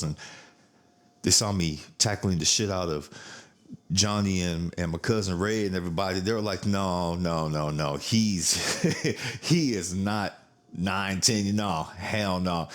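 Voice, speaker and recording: A man hosting a podcast in casual chat, blunt and profane, laughing as he tells family stories. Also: low voice. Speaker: podcast host.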